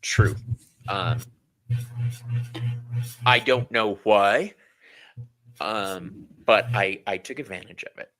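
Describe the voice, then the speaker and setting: A man hosting a casual chat, candid and quick to laugh, swearing casually as he talks. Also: on the low side, fairly bright tone. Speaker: host.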